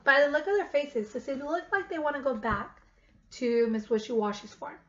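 A woman reading a picture book aloud to children, stopping often to ask them gentle questions. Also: sits high, lively intonation, normal speed, highs cut off.

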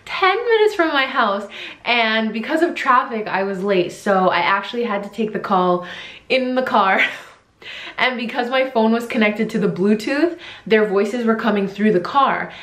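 A young woman rambles excitedly through a casual reaction vlog. Her voice sits in a middle register and carries the echo of a roomy space. She talks like a teacher chatting to her followers, with quick asides. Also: mid-range voice. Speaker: English teacher and vlogger. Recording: roomy, echoey room.

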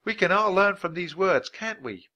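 A man voicing a gentle frontier schoolteacher. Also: high voice, moderate pace, voice pushed up. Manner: gentle, calm and encouraging. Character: kind patient woman frontier schoolteacher. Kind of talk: children's audiobook reading.

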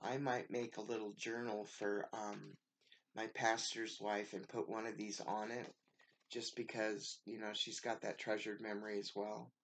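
Give me a woman crafter in casual show-and-tell who talks at an unhurried, drawn-out pace. She gushes over each item with effusive thanks. A faint hiss sits under the voice. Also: a bass voice, little pitch movement. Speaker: craft vlogger opening happy mail.

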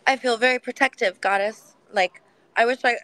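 A woman speaking in a gentle, nurturing tone during an intimate heart-to-heart conversation. She talks loosely, with plenty of "like" and "you know" fillers, and sounds protective and reassuring. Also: a little high, moderate pace, poor audio. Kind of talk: supportive heart-to-heart chat.

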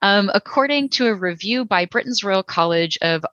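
Bright-voiced chatty woman from Texas. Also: mid-range voice, expressive, normal speed, no echo, highs cut off. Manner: chatty, many fillers, opinionated. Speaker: podcast co-host. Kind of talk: casual podcast discussion.

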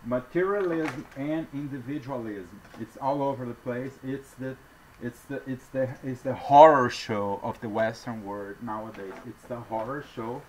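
A man's voice: medium pitch, flat delivery, normal speed, poor audio. A man with a non-native English accent, talking to viewers in a digressive, earnest monologue with apologetic asides. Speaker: vlogger addressing viewers. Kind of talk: rambling off-the-cuff monologue.

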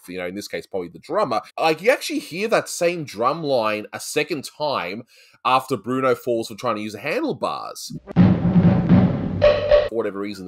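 A man casually chatting through a cartoon review, with a voice that rises and falls a lot. He talks loosely, with restarts and frequent laughs, and slips into quick impressions of the characters. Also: fairly low pitch. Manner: chatty, laughs often, quotes lines in funny voices. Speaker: host of a cartoon review show.

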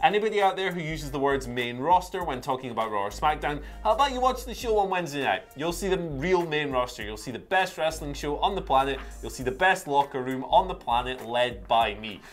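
A fired-up, cocky male wrestler bragging about his show and his locker room, put on by a man doing an impression. The delivery is loud and emphatic, raised in pitch above an ordinary speaking voice. A faint bed of music runs underneath. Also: expressive, a little fast, few pauses, lightly acted. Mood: boastful.

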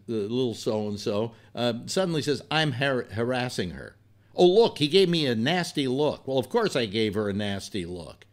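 Older male talk host, blunt and profane rambling storyteller, lively animated delivery. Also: medium pitch. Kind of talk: rambling personal anecdote.

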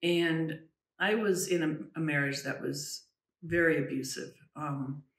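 A woman's voice: low voice, steady tone. Woman telling a story, roomy and distant. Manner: earnest, halting, with many restarts and "you know"; drops to a hushed voice when recounting the eerie moments. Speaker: trance channel medium, interview guest. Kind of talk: personal storytelling in an interview.

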